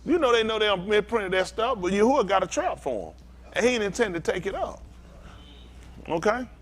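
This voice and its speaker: A man's voice: high voice, very animated, a little fast. A man preaching an informal sermon, telling a story and acting out both sides of it with lots of laughter. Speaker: pastor.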